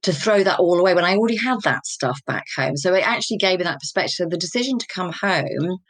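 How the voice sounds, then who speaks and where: A woman's voice: fairly low pitch, animated, fast talker, no echo. An English woman in her fifties, a guest telling personal stories openly and reflectively in an interview. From England. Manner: open, personal storytelling. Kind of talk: candid, reflective interview talk.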